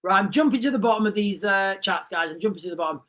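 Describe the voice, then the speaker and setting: A man's voice: high-pitched, fast. Male livestream host, chatty, rambling, reads out comments. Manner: rambling, restarts often, animated asides. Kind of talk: casual livestream chat reading comments.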